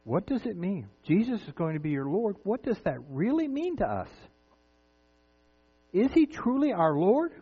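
A man's voice: sits high, very animated, moderate pace, breathy edge. A preacher, a man in his fifties or older, giving an earnest, conversational sermon full of rhetorical questions. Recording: tinny phone-like sound with mains hum.

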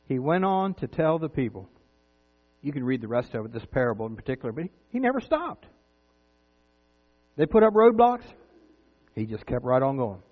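Man preaching over a tinny line. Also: on the high side. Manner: earnest, conversational preaching with rhetorical questions. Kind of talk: sermon. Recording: tinny phone-like sound with mains hum.

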